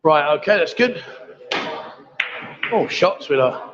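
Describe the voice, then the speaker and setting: A man's voice: a little high, lively intonation, slow, fairly bright tone. A man hosting a casual livestream from a busy bar, chatty and teasing, calling everyone darling. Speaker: livestream host. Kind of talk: casual live bar banter. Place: busy bar with pool table. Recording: dull lo-fi livestream audio. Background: bar crowd chatter.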